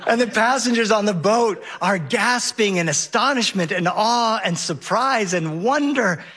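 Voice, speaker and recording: A man's voice: high voice, expressive, measured pace, a crowd in the background. A middle-aged man telling a personal story on stage, wry and vivid, with comic timing.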